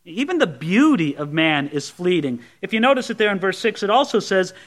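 A man's voice: high voice, very animated, a little fast, few pauses, a bit bright. A man preaching a sermon, teaching through a Bible passage verse by verse with conversational asides to the congregation. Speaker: pastor.

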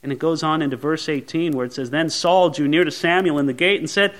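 A man's voice: a little high, a little fast, hardly any pauses. A male pastor preaching a sermon, acting out the lines of biblical characters.

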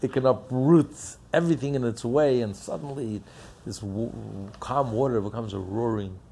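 A man's voice: medium pitch, moderate pace, warm tone, slight background noise. A man preaching a sermon, impassioned and building up with rhetorical questions. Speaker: religious teacher.

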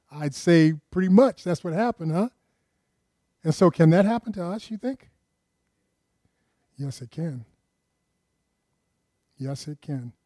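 Folksy preacher man, mellow voice. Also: on the high side, no room sound, studio quality. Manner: folksy, asks the listeners questions. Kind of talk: conversational sermon.

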